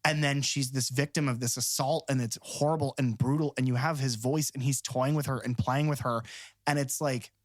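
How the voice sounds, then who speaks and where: Male podcast co-host, excited and rambling in casual film talk; middle pitch, dry room. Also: moderate pace, dry recording. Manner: animated, rambling, enthusiastic.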